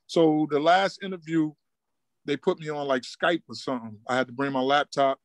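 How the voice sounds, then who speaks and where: A middle-aged man from Newark, a basketball coach telling stories in a relaxed street style and acting out what people said. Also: a little high, moderate pace, dry recording. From Newark, New Jersey. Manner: laid-back street talk, acts out quoted dialogue. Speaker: high school basketball coach, guest. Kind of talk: casual storytelling interview.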